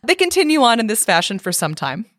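A woman's voice: fairly high pitch, very animated, quick pace, a bit bright, no echo, clean studio sound. A woman co-hosting a casual chat, reading a storybook parody aloud with wry amusement and frequent laughter. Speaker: podcast co-host reading a story.

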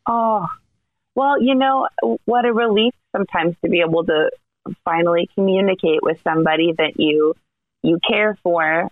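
A woman's voice: lowish voice, moderate pace, no room sound. A woman hosting a casual chat over a call, sympathetic and conversational. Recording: tinny dry phone line.

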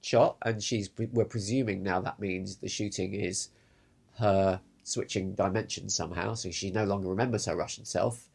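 A man with a slightly low voice co-hosts a podcast about a TV series. He talks casually and gets animated, often restarting sentences and acting out his own confusion as he goes. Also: moderate pace, gravelly, husky. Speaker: podcast co-host. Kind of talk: casual chat about a TV show.

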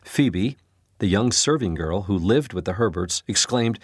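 A man narrating a storybook, reading expressively with an animated delivery. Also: lowish voice, measured pace, slightly rough, dry recording, clean studio sound. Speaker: storybook reader.

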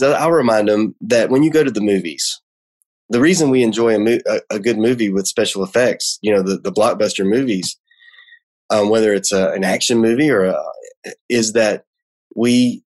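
A man's voice: fairly low pitch, a little mellow. A man speaking as a guest in a casual conversation, hesitant and full of restarts, explaining things like a teacher. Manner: hesitant, many restarts and fillers. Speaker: magician and guest.

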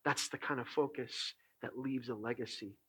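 A man preaching a sermon as pastor, moving between hushed, slowed passages and loud, impassioned ones. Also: mid-range voice, fairly even intonation, breathy edge, low-quality recording.

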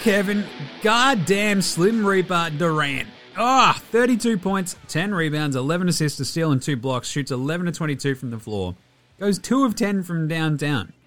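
A man's voice: a little high, expressive, normal speed, a bit bright, faint music behind. An Australian man hosting a casual sports podcast, joking and swearing as he rattles off stats. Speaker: podcast host.

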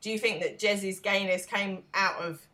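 A woman's voice: medium pitch, fairly even intonation, normal speed, bright, forceful tone. An English woman co-hosting a podcast in casual chat, talkative, laughing easily and asking her co-host questions. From England. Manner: chatty, laughs often, asks questions.

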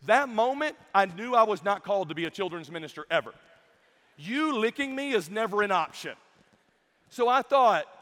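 A young adult man giving a comedic youth sermon, telling stories in an animated way and mimicking the people in them. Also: high voice, brisk. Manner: animated storytelling with mimicked voices. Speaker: youth camp speaker. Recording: long hall reverb.

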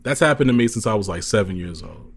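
A man in his thirties speaking as an interview guest over a video call, emphatic and animated in telling stories. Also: lowish voice, fast talker, husky. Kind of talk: conversational interview answer.

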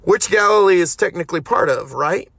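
Guy playing an excited scribe taking notes, dry close sound. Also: sits high, fairly quick, vocal fry, no room sound, heavily acted. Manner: excited, curious. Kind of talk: amateur radio drama acting.

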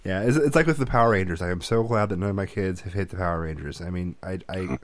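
A man's voice: sits low, quick pace, no echo. A man hosting a podcast, chatting and joking casually, often restarting his sentences. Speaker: podcast host. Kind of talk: casual chat.

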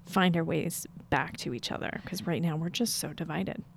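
A woman interviewer with a lowish, gravelly voice who asks her guest engaged, searching questions. There is a faint hiss in the background. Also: normal speed. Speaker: host. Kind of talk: interview conversation.

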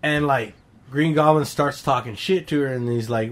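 A man's voice: mid-range voice, normal speed, fairly bright tone. A man co-hosting a casual podcast chat, retelling a comic plot in a heated, profane way. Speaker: podcast co-host.

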